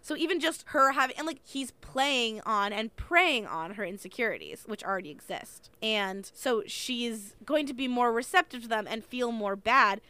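A woman chatting casually about a book with a friend, animated and sarcastic, swearing freely. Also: fairly high pitch, moderate pace, hardly any pauses, smooth. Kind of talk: casual book discussion chat.

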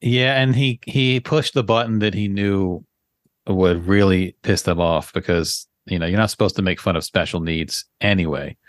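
Laid-back podcast host, low voice, dry close mic. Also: male voice, normal speed, dry recording. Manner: laid-back, recounts comedy bits. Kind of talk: casual chat.

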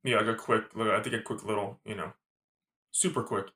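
A man's voice: lowish voice, steady tone, brisk, pushed and bright. Laid-back blunt man, casual chat. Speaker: podcast co-host. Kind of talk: casual film review chat.

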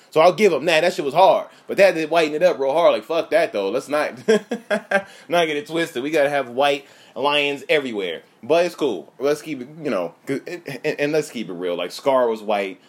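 A man's voice: fairly high pitch, animated, normal speed. A man in his thirties delivering a profane, comedic rant with laughing asides. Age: 30s. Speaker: comedian host.

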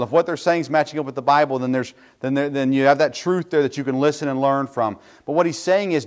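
A middle-aged pastor preaching a sermon in a folksy, self-deprecating way, with asides to his congregation. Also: on the high side.

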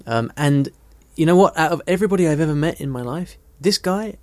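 A man's voice: a little high, animated, fairly quick, no room sound. A man from the United Kingdom, an English teacher casually explaining and answering a listener's question in a thoughtful, conversational way. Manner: thoughtful, conversational, tells personal stories.

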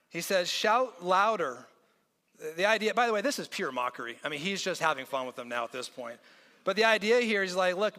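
Joking pastor with a bright, high voice. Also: male voice. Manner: conversational and joking, reads scripture aloud. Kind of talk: sermon. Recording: long hall reverb.

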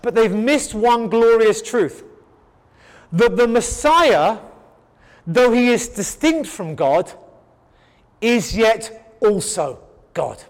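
Guy preaching a bible lesson, pretty high voice, keeps repeating for emphasis, stumbles and restarts a lot, echoey hall. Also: lively intonation, slow pace, pauses often. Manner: emphatic, repetitive rhetorical build-ups; frequent stammered restarts. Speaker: Bible teacher. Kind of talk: sermon-style Bible teaching.

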